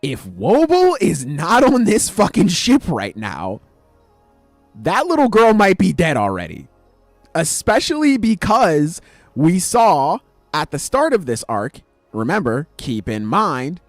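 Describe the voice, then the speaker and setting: Guy doing podcast recap talk, swears a lot, really animated pitch, dead dry mic. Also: measured pace, no echo, faint music behind. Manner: animated, slangy, swears freely. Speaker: podcast host. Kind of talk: casual chat, retelling manga chapters.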